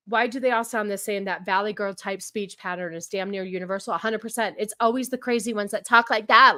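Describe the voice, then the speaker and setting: A woman streamer reacting to clips in casual commentary, sarcastic and ranting, mocking and quick to laugh. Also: medium pitch, bright, forceful tone, dry recording, clean studio sound.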